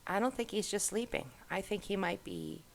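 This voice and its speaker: A woman's voice: medium pitch, lively intonation, normal speed, creaky, slight background noise. A middle-aged woman hosting, giving casual commentary while browsing on screen and musing aloud as she goes. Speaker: host.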